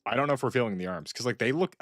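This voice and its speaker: A man's voice: medium pitch, lively intonation, very fast, a bit bright, dry recording, clean studio sound. A young man streaming games and chatting casually, rambling with lots of "like" and restarts. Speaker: gaming streamer. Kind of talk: casual gaming chat.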